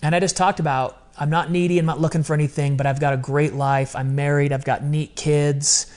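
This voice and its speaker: A man in his fifties, a podcast guest, telling a personal story in a lively, emotional way with quick asides. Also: on the high side. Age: 50s. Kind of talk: conversational storytelling.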